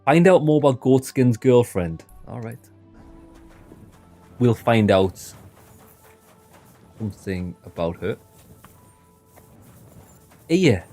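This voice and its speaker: Streamer type: Sunderland man, casual and lively, faint music underneath. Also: mid-range voice, slow, pauses often. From Northeast England. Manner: chatty, laughs a lot, mimics accents. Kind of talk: casual live gameplay commentary.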